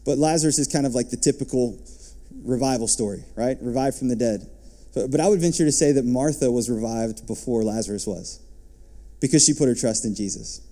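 A man as pastor, preaching a sermon and reading scripture, lifting his voice and dropping to soft asides. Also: mid-range voice, brisk.

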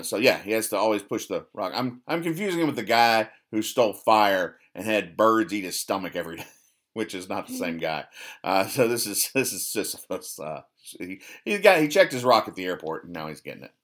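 Deadpan man rambling through comic strips. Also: lowish voice, normal speed. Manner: rambling, self-correcting, dry sarcastic explanations. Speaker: podcast host.

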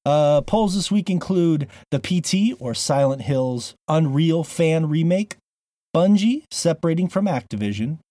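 A man's voice: on the high side, lively intonation, unhurried, mellow, no echo. A man hosting a gaming podcast, opening the show in a playful, jokey way with lots of fillers. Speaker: podcast host. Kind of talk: casual podcast intro.

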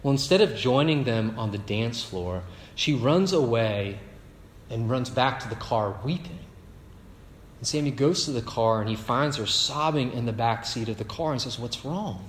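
A man's voice: mid-range voice, animated, moderate pace, a little hiss or hum. A male pastor preaching a sermon, telling stories and tossing in rhetorical asides. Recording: echoey hall with faint ambience.

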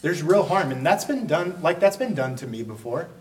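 A pastor preaching a conversational sermon, breaking into quick acted asides. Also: male voice, on the high side, lively intonation, recorded from a distance.

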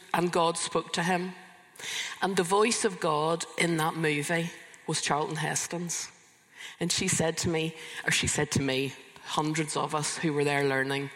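A woman's voice: low voice, a bit bright. A woman in her fifties preaching a sermon to a live congregation. She talks in an earnest, conversational way and often restarts her sentences. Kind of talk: sermon with personal testimony. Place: church hall, live congregation. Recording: long reverb of a large hall.

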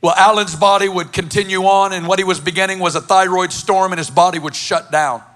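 A man's voice: sits high, steady tone, fairly quick, a bit bright. A man preaching a sermon through a personal story, speaking emphatically and building to passionate lists.

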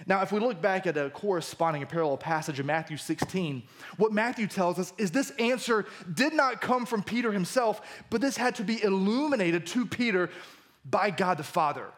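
High-voiced man preaching a sermon. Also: brisk. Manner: conversational, emphatic preaching. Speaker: pastor. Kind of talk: sermon with scripture reading. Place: church service.

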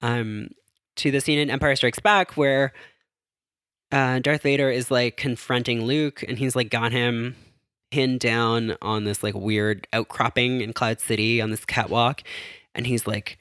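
A man's voice: medium pitch, level tone, a little slow, a bit bright, smooth, dry recording, studio quality. A man hosting a casual solo podcast, recapping film scenes in a rambling, chatty way, full of fillers and self-corrections. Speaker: podcast host.

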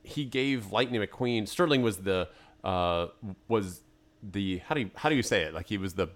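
Here a man co-hosting a studio podcast chats casually about a movie, reasoning aloud and making his case. He has a fairly low, expressive voice and keeps a moderate pace.

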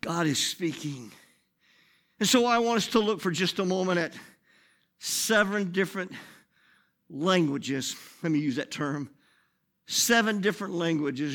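A man preaching a sermon, dropping to hushed whispers and then rising to shouted, sing-song preaching. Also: a little high.

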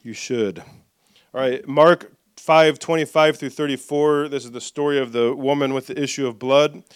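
A man preaching a sermon, reading scripture aloud and leading the congregation in call-and-response, with soft asides. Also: mid-range voice, normal speed, smooth, no room sound, studio quality. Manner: lively, drops soft for asides. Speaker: pastor.

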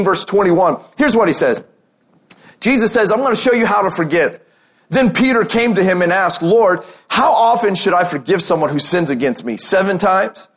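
A man preaching a sermon as pastor, telling a parable with lively acted-out quotes and rallying calls. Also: very high-pitched. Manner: animated storytelling, acting out quotes.

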